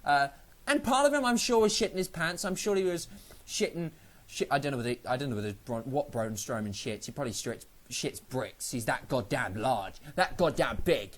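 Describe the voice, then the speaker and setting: A man giving a casual spoken review of a wrestling show, excitable and rambling, swearing freely. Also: mid-range voice, moderate pace.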